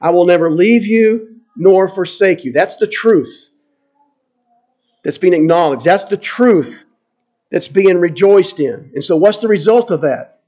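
High-voiced man preaching earnestly. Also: animated, unhurried, mellow. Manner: earnest, emphatic, repeats key phrases. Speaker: pastor. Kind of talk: sermon.

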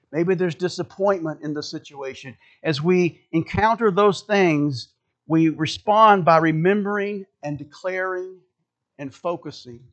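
High-voiced pastor preaching emphatically. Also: male voice, lo-fi sound. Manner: emphatic, repeats phrases for stress; conversational asides to the congregation. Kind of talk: sermon.

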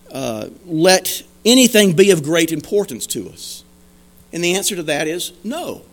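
A man with a fairly high voice preaching to his congregation. He talks earnestly and emphatically, asking questions and answering them in turn. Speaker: pastor. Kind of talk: sermon.

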